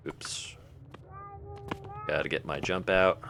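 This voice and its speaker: A man's voice: deep voice, animated, a little slow, fairly bright tone, slight background noise. A man live-streaming a game, joking and thinking aloud as he answers chat. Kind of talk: casual live-stream chat while playing.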